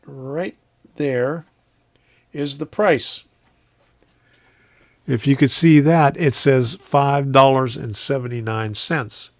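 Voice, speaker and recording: A man's voice: medium pitch, fairly even intonation, slow, long pauses, no echo, clean studio sound. A man hosting a casual live stream from his home train room, rambling, chuckling often and reading viewers' comments aloud.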